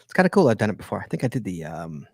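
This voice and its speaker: A man's voice: lowish voice, big pitch swings, rapid-fire, creaky, a little mellow, breathy edge, no echo, clean studio sound. A man hosting a casual podcast, teasing his co-hosts and rambling with fillers. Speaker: podcast host.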